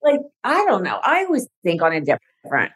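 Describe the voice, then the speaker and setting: A woman guest on a podcast chatting casually, halting with many fillers and restarts and laughing easily. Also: on the low side, wildly swooping pitch, slightly rough. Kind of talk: casual chat.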